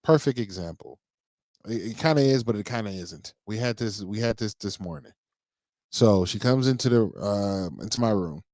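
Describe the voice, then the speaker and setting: A man's voice: on the low side, normal speed, a little mellow, no echo, clean studio sound. A man in his thirties co-hosting a podcast, chatting casually and telling rambling stories full of "like" and "you know.". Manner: rambling storyteller, leans on fillers like "like" and "you know". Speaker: podcast co-host. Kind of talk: casual chat.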